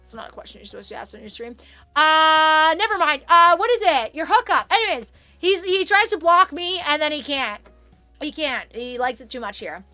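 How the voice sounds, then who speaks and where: A woman's voice: high voice, animated, moderate pace, sharp tone, no room sound, soft background music. A young woman streaming from her room at home, chatting casually and rambling, with frequent swearing. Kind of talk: casual chat on a live stream.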